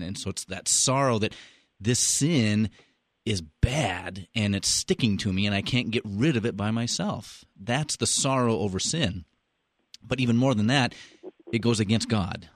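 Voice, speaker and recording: Low-voiced pastor guy explaining stuff, bit wry, dry mic. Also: no room sound. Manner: explanatory, wry, warm teacher. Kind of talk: explaining on a radio talk show.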